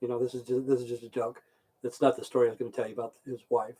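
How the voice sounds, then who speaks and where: In a rapid-fire, level delivery, a middle-aged man chats on a live stream, rambling through stories and swearing without letup while reading out chat viewer names. His medium-pitched voice is mellow and slightly rough.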